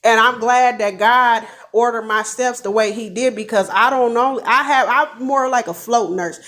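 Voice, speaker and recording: A woman's voice: on the high side, moderate pace, fairly bright tone. A woman working as a nurse, giving blunt, profane and heated commentary on a crime case to her viewers. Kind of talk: ranting true-crime commentary.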